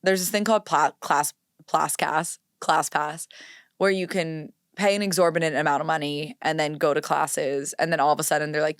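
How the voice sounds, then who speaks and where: A woman's voice: deep voice, steady tone, normal speed, dry recording, studio quality. A woman in her twenties hosting a solo podcast in casual, chatty talk, dramatic and self-mocking. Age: 20s. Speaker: podcast host.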